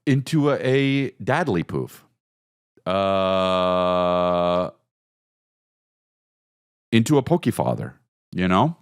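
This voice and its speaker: A man in his forties, a podcast host telling a casual comedic story about his kids, with sudden high-pitched bursts and lots of swearing. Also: sing-song, extremely slow, pauses often, clear, resonant tone, no echo, studio quality.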